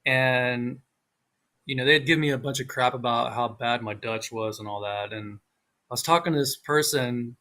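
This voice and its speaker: A man co-hosting a live online talk, telling stories in a casual, animated way and acting out quoted speech with big jumps in his voice. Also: medium pitch, normal speed. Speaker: co-host. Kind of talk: casual chat on a livestream.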